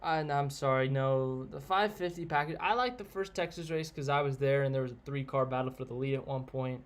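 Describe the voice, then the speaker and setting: A man's voice: fairly high pitch, expressive, fairly quick, few pauses. A man chatting casually on a live stream, answering viewers and giving blunt opinions in a rambling way. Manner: rambling, opinionated, reads out chat names.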